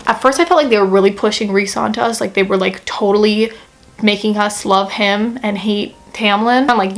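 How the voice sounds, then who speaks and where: A woman's voice: medium pitch, fairly even intonation, moderate pace, a little hiss or hum. A young woman talking casually to the camera as she reviews a book, chatty and gushing, with lots of fillers and playful mock-quotes.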